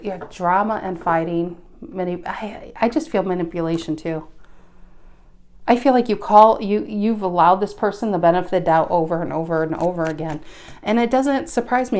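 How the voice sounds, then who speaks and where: A woman giving a casual tarot reading, chatty, with frequent restarts and a slightly breathless delivery. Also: medium pitch. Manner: chatty, restarts often, animated bursts. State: a bit out of breath. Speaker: tarot reader.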